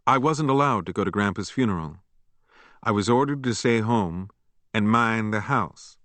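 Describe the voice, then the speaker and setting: A man narrating a memoir audiobook in a measured, even storytelling manner on a close studio mic. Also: lowish voice, no echo.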